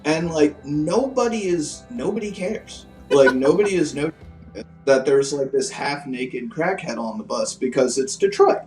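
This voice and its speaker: A man's voice: fairly high pitch, lively intonation, moderate pace, darkish tone, roomy sound, recorded from a distance, poor audio. Casual male guest, rambling and crude, recorded off-mic with faint music behind. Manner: rambling, profane, lots of "like" fillers. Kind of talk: casual storytelling.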